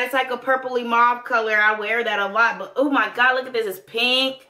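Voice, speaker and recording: An excitable woman, chatting casually to viewers while unboxing beauty products. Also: on the high side, moderate pace, few pauses. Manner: animated, excitable, addresses viewers as y'all. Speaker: beauty vlogger. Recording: echoey room.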